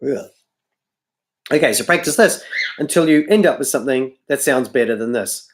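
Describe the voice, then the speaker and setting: This livestreamed music lesson features an animated man with a mid-range voice at a moderate pace, teaching harmonica. He's tired and his voice is fading, so he rambles, self-corrects frequently, and sounds apologetic over background harmonica.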